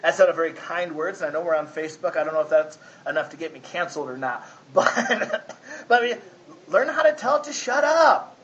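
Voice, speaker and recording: Man, pastor, folksy conversational sermon, high voice, bright tone. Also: animated, a little fast, lo-fi sound. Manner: folksy, asks the congregation 'right?'.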